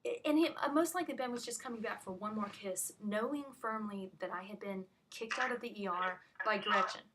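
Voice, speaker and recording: A woman's voice: mid-range voice, brisk, fairly bright tone, a little hiss or hum. A woman on a phone call, telling what happened in an agitated, rambling way full of restarts. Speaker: caller recounting an incident. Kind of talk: emotional phone conversation.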